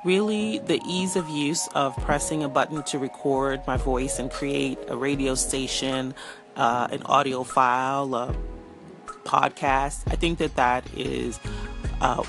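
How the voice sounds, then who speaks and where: A woman's voice: rumbling low, steady tone, measured pace. Woman caller, chatty, hesitant, music under her voice. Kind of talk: voice message.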